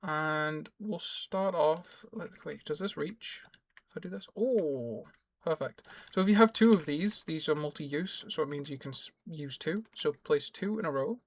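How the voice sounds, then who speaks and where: A man's voice: a little high, unhurried. Man rambling through a game tutorial. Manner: rambling, self-correcting, explains as he plays. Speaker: gaming YouTuber. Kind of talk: casual gameplay tutorial commentary.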